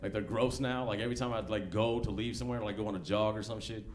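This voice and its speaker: A man in his thirties does a stand-up set in a comedy club, his delivery loose, slangy, and conversational. His voice is lowish with fairly even intonation and a quick pace, and the live club recording carries background noise.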